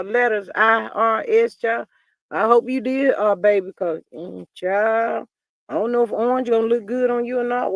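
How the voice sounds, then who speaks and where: A man's voice: high-pitched, dry recording. A man hosting a livestream, reading chat and gossiping in a sassy, drawling way and calling everyone "child". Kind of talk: casual gossip commentary reading live chat.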